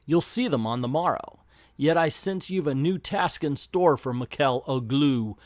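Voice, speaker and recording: A man voicing a sly, menacing male assassin from a comic, speaking in a low, formal, archaic way. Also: animated, measured pace, darkish tone, dry recording, clean studio sound. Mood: silky.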